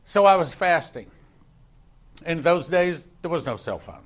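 A man's voice: on the high side, expressive, measured pace. A man preaching as a pastor, telling a personal story with emphatic, repeated phrases. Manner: emphatic, rising in intensity, repeats words for stress.

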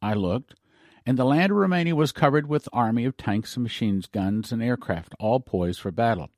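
Earnest pastor on a dry studio mic. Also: male voice, mid-range voice, lively intonation, normal speed, darkish tone, no echo. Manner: earnest, reads a story aloud then comments. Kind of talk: radio ministry broadcast.

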